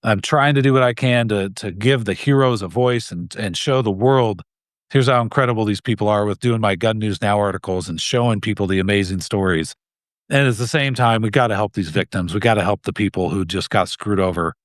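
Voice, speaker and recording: Recorded in a clean, dry studio, this Idaho man speaks with a fairly low pitch and a slightly fast pace. As president of a gun rights group and an interview guest, he talks in a casual but earnest, heated way, frequently restarting sentences and laughing briefly.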